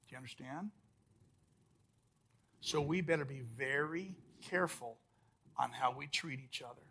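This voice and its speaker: A man preaching a sermon as pastor at a church service, emphatic, swinging between loud outbursts and hushed, soft lines. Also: mid-range voice, measured pace, slight background noise.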